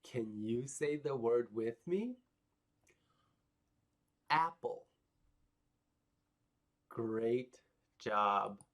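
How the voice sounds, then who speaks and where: A man's voice: medium pitch, lively intonation, takes it slowly, a bit bright. A man teaching phonics to young children, patient and encouraging, repeating sounds for them to copy.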